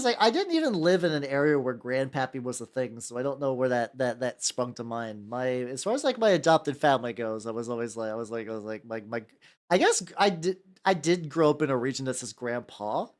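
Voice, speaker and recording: A young man from the United States chatting casually while he paints miniatures, rambling, stammering and repeating words. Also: on the high side. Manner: rambling, stammers and repeats words, laughs often, jumps between topics.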